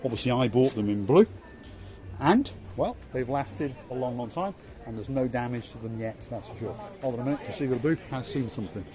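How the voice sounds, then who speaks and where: With lively intonation and a fairly quick pace, a medium-pitched English man with a Yorkshire accent talks his way through a seaside walking-tour vlog. He's conversational and likes repeating words to stress a point, and street noise fills the outdoor recording.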